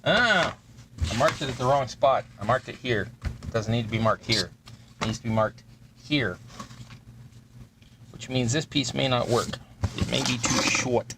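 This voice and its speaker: A man hosting a terrain-crafting livestream talks through his work at the bench in a gravelly, expressive mid-range voice. He speaks a little slowly, pausing often, as he casually thinks aloud over a noisy background.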